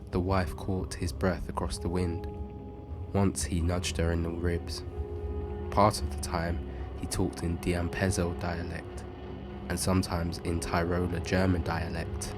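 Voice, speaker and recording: Brief: male reader, very deep and monotone, steady, loud music behind. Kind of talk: reading a short story aloud.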